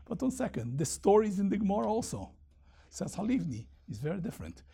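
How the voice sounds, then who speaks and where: A man teaching a Talmud lesson, reading Aramaic passages and explaining them in lively English. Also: high voice, quick pace, gravelly, husky.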